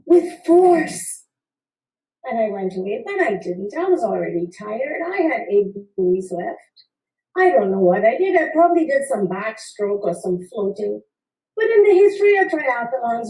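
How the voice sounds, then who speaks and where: Animated woman telling a personal story. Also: fairly high pitch. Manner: animated, playful, acts out the people in her story. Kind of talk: personal story told to an audience. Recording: roomy sound from a distant mic.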